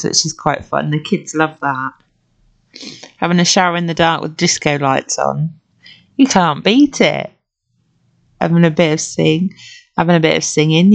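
Woman, middle-aged, British, podcast host, rambling casual monologue, lowish pitch, gravelly fry. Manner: rambling, gentle and chatty, with many fillers.

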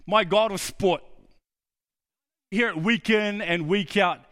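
A middle-aged man delivers a sermon in a high voice. He speaks earnestly and personally, sharing his own failings, and often sinks into a hushed, low delivery to press a point home. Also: slow. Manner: earnest, personal storytelling with sudden drops to a low, quiet voice. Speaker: preacher.

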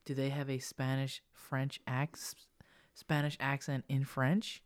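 A young woman co-hosting a podcast in casual chat, telling stories in an animated, giggly way and slipping into playful voices. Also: a bass voice, slow, clear, resonant tone. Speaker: podcast co-host.

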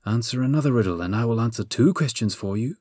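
A man voicing a proud, crafty female stone sphinx in an audiobook, slow and stately in her riddling. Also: medium pitch, expressive, dark tone, dry recording, studio quality, voice pushed up, lightly acted. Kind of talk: audiobook character voice.

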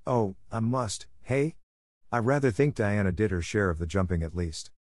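A man's voice: fairly low pitch, lively intonation, normal speed, dry recording, clean studio sound. A man doing a prim, irate old spinster. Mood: curt. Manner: curt, sharp, sarcastic.

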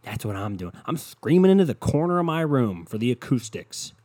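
A man's voice: medium pitch, very animated, brisk, warm tone. A young man hosting a solo podcast from his bedroom, ranting in a profane, sarcastic, rambling way into a computer mic. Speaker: podcast host. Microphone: desktop computer mic.

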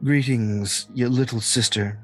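A man's voice: medium pitch, fairly even intonation, measured pace, a bit bright, slightly rough, faint music behind. A man voicing a sly purple-skinned hag leader. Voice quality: oddly youthful voice.

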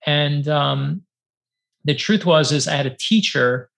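Gravelly middle-aged man telling stories. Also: fairly high pitch, takes it slowly. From New York. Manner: lively, acts out quoted dialogue, many fillers of 'like'. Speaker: author guest. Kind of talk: animated storytelling in a podcast interview. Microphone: video call.

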